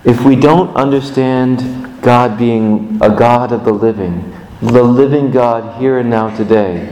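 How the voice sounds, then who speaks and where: Slow earnest male preacher in echoey hall. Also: medium pitch, darkish tone. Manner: earnest, slow, with repeated prayer lines. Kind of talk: sermon.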